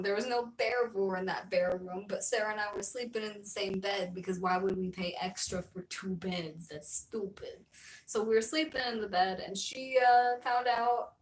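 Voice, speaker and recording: A woman's voice: medium pitch, recorded from a distance. A young woman live streamer chatting casually with her viewers, rambling, giggly and self-deprecating. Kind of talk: casual livestream chat. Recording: roomy echo, voice a little off-mic.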